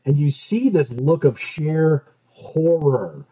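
A man retells a film in a relaxed, swear-heavy ramble. His voice sits dark and mellow. The recording has a muffled, lo-fi quality. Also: a little high, slow. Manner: profane, loose storytelling. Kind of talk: casual film recap chat.

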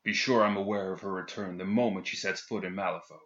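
A man reading a curt growling governor general, lowish voice, dull lo-fi sound. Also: fairly even intonation, quick pace, a bit bright. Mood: commanding. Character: gruff stern male governor general. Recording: dull lo-fi recording.

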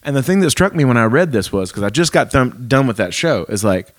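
A man in his forties, a pastor, chatting casually and acting out remembered conversations in a soft voice. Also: mid-range voice, big pitch swings, fast, no room sound. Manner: storytelling, acts out dialogue softly. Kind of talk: casual podcast chat.

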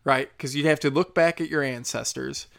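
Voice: medium pitch, fairly even intonation, normal speed, creaky. Sarcastic, foul-mouthed ranting commentator. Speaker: solo commentator. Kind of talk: profane comedic rant.

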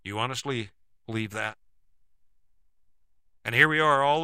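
A man's voice: medium pitch, measured pace, pauses often, pushed and bright, clean tone, dry recording, studio quality. A man giving a persuasive commentary monologue, firing skeptical rhetorical questions with emphasis. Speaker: speaker giving a monologue to camera.

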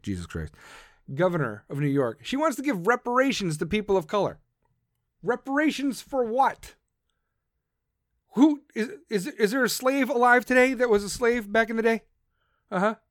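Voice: medium pitch, no room sound, studio quality. A podcast host delivering a profane, combative political rant.

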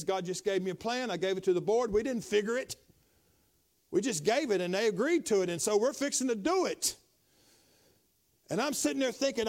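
Middle-aged pastor, very high voice, preaches in swings from hushed to shouting. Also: male voice, fairly quick. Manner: preaching, swinging from low intimate tones to loud exhortation. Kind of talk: sermon.

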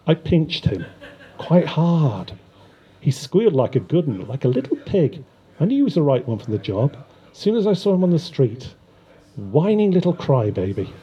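A man's voice: a little high, very animated, brisk, muffled recording, voice pushed up. A man voicing a wounded male killer who taunts the detectives with wry amusement. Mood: mocking.

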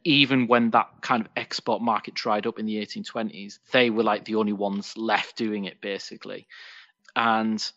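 A man's voice: fairly low pitch, fairly even intonation, normal speed, pushed and bright, no echo. A man co-hosting a podcast, chatting casually about beer with playful asides. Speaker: podcast co-host. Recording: dull lo-fi, dry sound.

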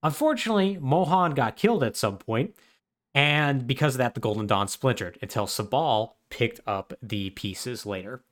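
A man's voice: mid-range voice, expressive, moderate pace, fairly bright tone. A man co-hosting a podcast, casually retelling a story with wry humor and lots of fillers. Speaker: podcast co-host. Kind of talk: casual chat recapping a video game plot.

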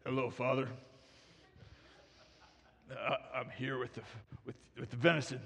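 A man's voice: medium pitch, little pitch movement, a little slow, gravelly, a bit bright, in a large hall, pitched below the performer's own voice. A man voicing a nervous young son who stammers and whines, in a sermon retelling. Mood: sheepish. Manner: whiny, hesitant, stammering.

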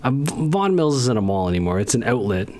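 A man's voice: mid-range voice, big pitch swings, fast talker, a little mellow, a little hiss or hum. Laid-back man chatting. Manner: laid-back, laughs while talking, restarts words. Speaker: podcast co-host. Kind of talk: casual chat.

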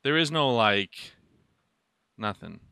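A young man co-hosting a podcast, chatting casually, animated and joking, swearing freely. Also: medium pitch, slow pace, gravelly, clear, resonant tone, no echo, clean studio sound. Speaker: podcast co-host. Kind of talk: casual chat.

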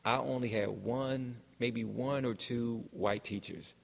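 A man's voice: mid-range voice, fairly even intonation, slow, vocal fry, long reverb tail. A man who is a guest on a podcast, reminiscing casually and often agreeing with the host. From New Jersey. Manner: agreeable, backs up the host with frequent yeahs.

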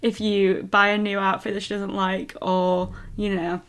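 A young woman, co-hosting a podcast. She talks in loose, chatty runs and laughs easily, often restarting a sentence mid-thought. Her voice sits at an ordinary middle pitch. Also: flat delivery, a little slow, a bit bright, clear, resonant tone. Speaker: podcast co-host. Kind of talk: casual chat.

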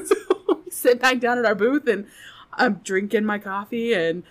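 A fairly high-voiced woman spins a comic tale from her own life as a podcast guest. She talks in loose, casual chat, swears freely and breaks into laughter often. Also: unhurried. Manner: profane, animated, laughs often.

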